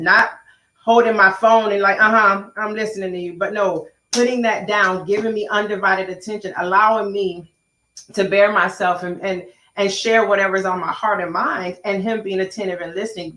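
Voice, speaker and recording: A middle-aged woman with a bright, forward voice tells her story in a lively way. She slips into both sides of past conversations as she goes, and the room adds a noticeable echo. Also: medium pitch, a little fast. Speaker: co-host, pastor's wife. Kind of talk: casual chat.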